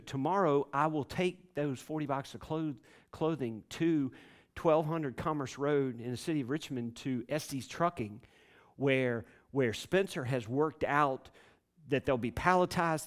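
A man, a pastor telling a story in a sermon, rambling and repeating himself with many restarts. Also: mid-range voice.

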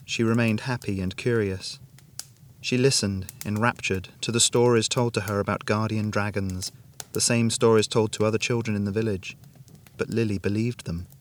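Man with a lowish voice narrating. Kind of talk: scripted narration.

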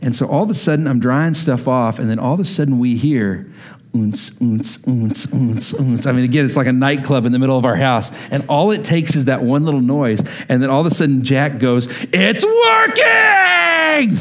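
A man from Texas preaching a sermon, telling a family story in a lively way and acting out the voices of the people in it. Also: mid-range voice, fast talker, few pauses. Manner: animated, acts out family members' voices. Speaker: pastor.

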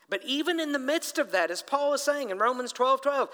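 A man's voice: extremely high pitch, brisk, hardly any pauses. A middle-aged man, a pastor, preaching a sermon in a church hall, telling a family story and talking straight to the congregation. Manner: storytelling, animated, addresses people directly. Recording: long hall reverb.

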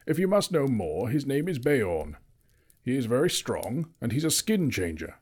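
A man's voice: mid-range voice, very animated, normal speed, a little mellow, breathy edge. A man reading aloud, voicing an old male wizard who lectures emphatically and turns cross easily. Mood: stern.

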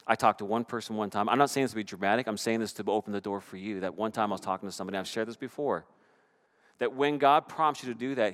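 A middle-aged pastor with a fairly low voice preaches a sermon, telling stories animatedly. His volume swings between loud and hushed.

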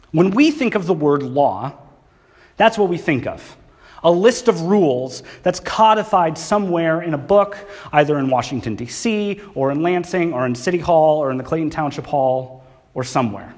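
Casting: man, pastor preaching a casual sermon, fairly high voice, asks the room questions. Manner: conversational, asks the congregation questions. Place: church hall.

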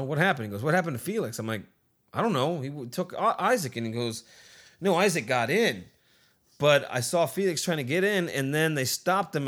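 A man with a voice of ordinary middle pitch tells a long story in a loose, rambling way. He swears freely and slips into the voices of his friends when he quotes them. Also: fairly bright tone. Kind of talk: casual profane anecdote.

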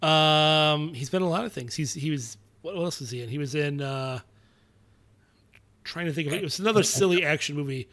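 A man's voice: fairly high pitch, a little fast, a bit bright. A man co-hosting a podcast in casual chat, rambling and joking, swearing now and then. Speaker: podcast co-host.

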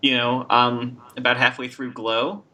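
A man's voice: medium pitch, flat delivery, a little slow, pushed and bright. A man hosting a casual podcast chat, laughing often and joking with his co-hosts. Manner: laughs often, loose and jokey. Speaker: podcast host.

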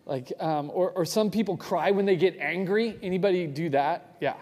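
A man preaching a sermon in a relaxed, conversational way, often asking the audience questions. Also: high voice, moderate pace. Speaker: pastor. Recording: reverberant hall.

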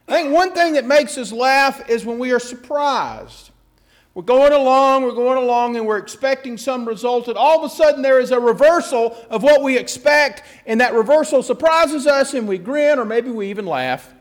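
A man pastor giving a conversational sermon, telling a joke with self-deprecating asides. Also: very high voice.

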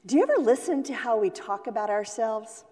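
A woman pastor preaching a sermon, slow and deliberate, sometimes acting out the voices she quotes. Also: a little high, animated, warm tone, slightly rough, big-room sound. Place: church sanctuary.

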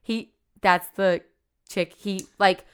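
A woman's voice: mid-range voice, steady tone, slow, clean tone. A woman hosting a podcast, casually retelling a story in a loose, profane way, full of "like". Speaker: podcast host.

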